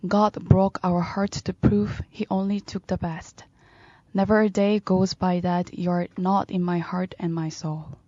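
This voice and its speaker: A woman co-hosting a radio talk show, reading a short poem carefully and slowly. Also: on the low side, little pitch movement, dark tone, no room sound, muffled recording.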